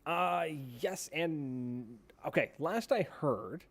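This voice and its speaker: A man's voice: a little high, expressive, extremely slow, fairly bright tone. A man co-hosting a paintball podcast in casual chat, rambling and blunt, swearing freely. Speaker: podcast co-host.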